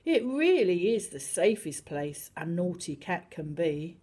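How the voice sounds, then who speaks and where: An older woman reading a picture book to young children, sing-song and animated, now and then dropping to a whisper. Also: on the low side, a little slow, hardly any pauses, a little hiss or hum.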